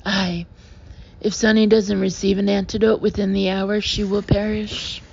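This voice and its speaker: A woman's voice: medium pitch, level tone, normal speed, gravelly, dull audio, a little hiss or hum, natural voice. A woman voicing a proud young sub captain. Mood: indignant.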